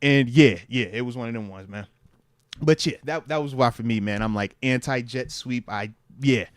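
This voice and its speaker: A man's voice: medium pitch, moderate pace, no echo. A man in his thirties, a podcast host and former pro football player, telling a story in casual slangy talk with lots of laughter. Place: podcast studio.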